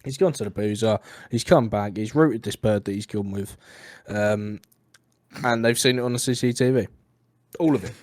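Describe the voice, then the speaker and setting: A man's voice: lowish voice, moderate pace, no echo, clean studio sound. A young man co-hosting a podcast, joking and retelling a story in casual chat. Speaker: podcast co-host.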